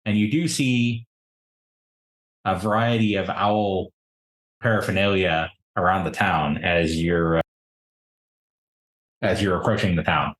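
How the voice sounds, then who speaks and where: A man with a lowish voice narrates as game master of a tabletop game, unhurried and descriptive. His recording carries a roomy echo. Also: a bit bright.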